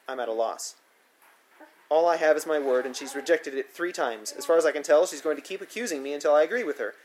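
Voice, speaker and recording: A man's voice: fairly high pitch, animated, quick pace, a little hiss or hum. A man narrating his own memoir in the first person, with a dry, wry, matter-of-fact delivery.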